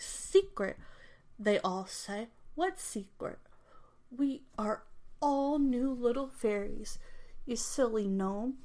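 A young adult woman reads a fairy tale aloud in a slow, unhurried, lilting storybook voice. Her voice sits a little high for a woman. She speaks as the host of her own channel. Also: a little mellow. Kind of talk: reading a children's story aloud.

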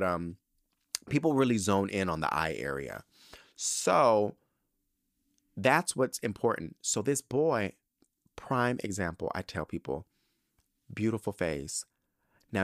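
Young guy podcasting solo, sassy and dramatic, kinda low voice, super dry close mic. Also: dry recording. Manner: sassy, animated storytelling with emphatic repetition. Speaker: podcast host. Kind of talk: casual podcast monologue.

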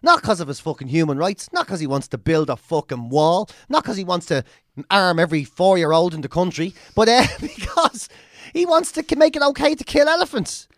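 A woman's voice: fairly low pitch, animated, brisk, dry recording. A woman co-hosting a podcast, swearing freely and riffing blunt comic rants in casual chat. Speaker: podcast co-host.

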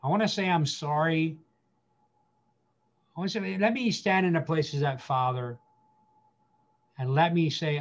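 A man speaking as a guest pastor, giving earnest counsel with emphatic repetition, slowing down to stress key phrases. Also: fairly high pitch, lo-fi sound.

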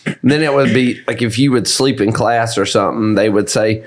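A man's voice: lowish voice, moderate pace. A man guesting on a podcast, joking and swearing bluntly in casual chat.

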